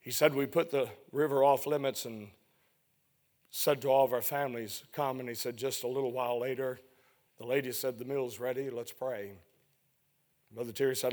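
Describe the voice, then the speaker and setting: A man preaching a sermon, telling a story that climbs to loud emotional peaks and then falls low and hushed. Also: fairly even intonation, moderate pace.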